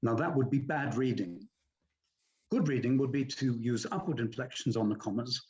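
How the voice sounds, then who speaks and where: An older man, an audiobook narrator, explaining his craft in a measured, courteous, articulate way. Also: medium pitch, darkish tone, muffled recording. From England. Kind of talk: interview answers, explaining narration technique.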